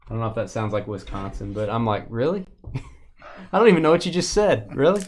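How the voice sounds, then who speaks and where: A man's voice: medium pitch, sing-song, quick pace, slight background noise. A man with a Southern US accent hosting a livestream card break, teasing viewers and calling out cards.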